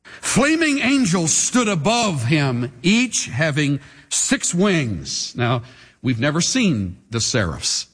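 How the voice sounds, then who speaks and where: A man's voice: fairly high pitch, sing-song, takes it slowly, a bit bright, breathy edge. A male pastor preaching a dramatic sermon, leading the congregation in call and response. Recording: reverberant hall with faint music.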